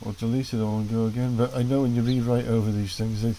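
A man's voice: mid-range voice, flat delivery, quick pace, dark tone, a little hiss or hum. A man at home, filming on his phone and rambling through a casual running commentary to himself with muttered asides. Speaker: vlogger.

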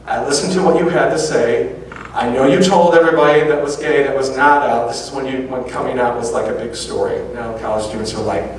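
A man's voice: medium pitch, brisk, distant mic, slight background noise. Man telling a story in an echoey hall. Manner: animated anecdotes with quoted dialogue. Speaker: public speaker. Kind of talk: storytelling lecture. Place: large auditorium.

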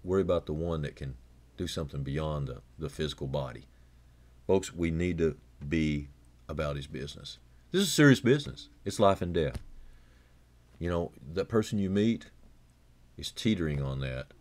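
Low-voiced pastor guy preaching on the radio, earnest, kinda stumbly, repeats words. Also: expressive, moderate pace, pauses often. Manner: earnest, repeats words and restarts, rises in pitch for emphasis then drops low and quiet. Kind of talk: radio sermon.

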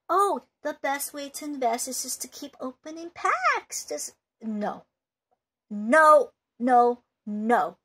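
A woman's voice: mid-range voice, husky. A woman collector giving unscripted advice in a vlog, rambling and emphatic, with many restarts. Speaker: card collector and video maker.

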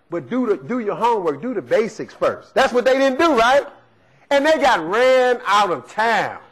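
A man's voice: very high voice, fairly bright tone, poor audio. A male preacher giving a conversational sermon, often asking "right?" as he teaches. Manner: preaching in a conversational style, asks "right?" again and again.

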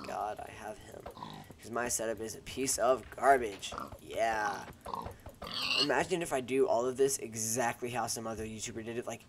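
A young man giving casual, self-deprecating commentary while playing a game, rambling and joking to his viewers through a headset mic. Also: on the low side. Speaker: gaming YouTuber. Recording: noisy home recording with keyboard clicks.

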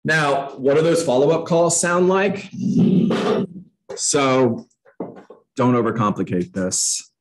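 A man's voice: medium pitch, animated, slow, long pauses, rough recording. A man giving a live training talk to real estate agents, emphatic, often repeating himself and acting out sample phone calls.

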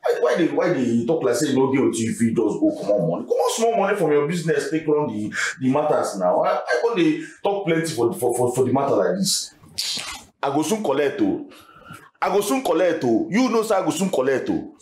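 A man's voice: a little high, big pitch swings, a little fast, a little mellow. An actor with a Nigerian accent playing a broke, boastful husband who stammers and begs his wife in Pidgin. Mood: pleading. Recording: echoey room with faint noise.

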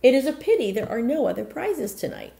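Young man in a storybook, voiced by a woman, polite, admiring, eager, high bright delivery. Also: sing-song, fairly quick, gravelly, echoey room, slight background noise, full character voice.

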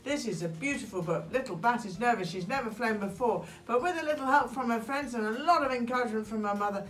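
A woman reading a children's picture book aloud in an expressive, animated way, adding gasps between lines. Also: on the high side, fast talker, rough recording. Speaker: storyteller.

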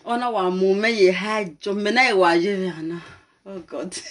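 A woman with a Nigerian Pidgin English accent hosting a talk show, telling a personal story to camera in an animated, laughing way. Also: medium pitch, slight background noise.

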